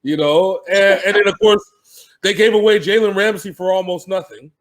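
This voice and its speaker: A man's voice: sits high, moderate pace. A man co-hosting a sports podcast, talking casually and animatedly, laughing and swearing freely.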